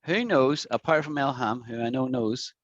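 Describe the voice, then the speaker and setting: A man teaching an online English lesson, patiently repeating words slowly for his students to practice. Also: mid-range voice, no room sound, highs cut off. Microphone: video call.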